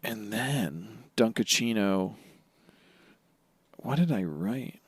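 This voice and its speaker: A man's voice: on the low side, lively intonation, takes it slowly, husky, dry recording. A young man co-hosting a podcast, retelling scenes with playful exaggeration and casual swearing. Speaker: podcast co-host. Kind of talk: casual chat recapping an anime.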